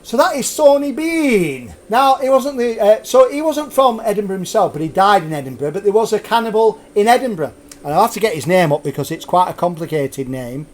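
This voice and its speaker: A man with a high voice hosts a live show and tells a grim old story. He keeps cracking puns, laughs at his own jokes and wanders off on side remarks. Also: animated, brisk. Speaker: host.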